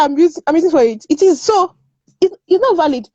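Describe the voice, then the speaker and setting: High, emphatic woman. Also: expressive, quick pace, darkish tone, dry recording. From Nigeria. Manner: emphatic, repeats words, laughs often. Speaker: guest panelist. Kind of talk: casual opinion discussion.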